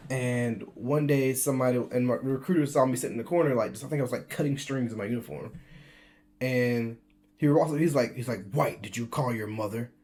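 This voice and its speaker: Here an American man in his twenties recounts his own experiences for a laid-back vlog, breaking into laughter and rephrasing mid-sentence. His medium-pitched voice is a little mellow and moves at a fairly quick pace.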